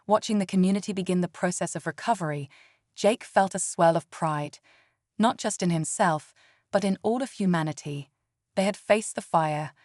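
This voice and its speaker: A woman narrating a science fiction audiobook story in an even, steady way. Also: lowish voice, no echo, clean studio sound.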